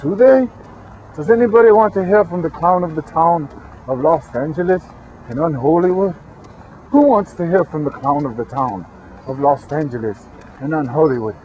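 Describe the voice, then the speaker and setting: A man's voice: a little high, moderate pace, darkish tone. A man hosting a rambling comic monologue, full of playful rhyming wordplay, repetition and crude jokes. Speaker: host of a channeling recording. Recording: dull lo-fi recording with faint traffic noise.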